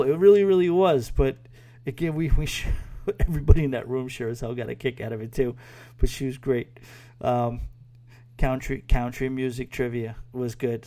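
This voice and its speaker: A man's voice: a little high, dark tone. A man hosting a podcast, rambling casually through a review with crude asides and self-mocking laughs into a microphone. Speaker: podcast host.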